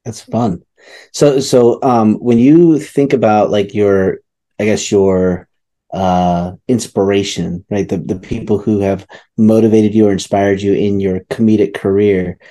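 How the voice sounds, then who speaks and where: A man's voice: fairly low pitch, fairly even intonation, unhurried, dark tone. A man hosting an interview podcast who asks loose, rambling questions full of restarts. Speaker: podcast host. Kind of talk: casual interview chat.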